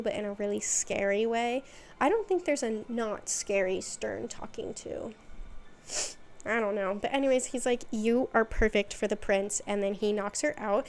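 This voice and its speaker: A woman's voice: fairly high pitch, darkish tone, a little hiss or hum. A woman hosting a video, chatting through a casual, rambling recap with lots of fillers and asides. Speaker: video host.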